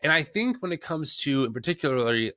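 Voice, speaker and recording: A man's voice: a little high, very animated, brisk, sharp tone, no room sound, studio quality. A man hosting a podcast interview who asks questions reflectively, thinking aloud with restarts. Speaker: podcast host. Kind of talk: conversational interview.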